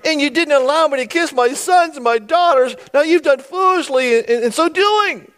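A man's voice: on the high side, sing-song, normal speed, in a large hall. A man voicing a scheming older uncle, reading his grievances from scripture in a raised, aggrieved tone. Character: wily older male uncle, wounded and scheming.

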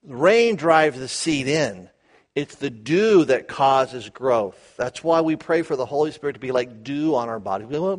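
A man teaching the Bible verse by verse, animated, asking his listeners questions and acting out the quotes. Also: on the high side, brisk. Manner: animated, asks the audience questions, acts out quotes.

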